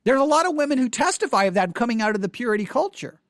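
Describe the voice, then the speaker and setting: A man's voice: very high-pitched, sing-song, very fast, dry recording, studio quality. A man hosting a casual spoken commentary, emphatic, often restarting his words.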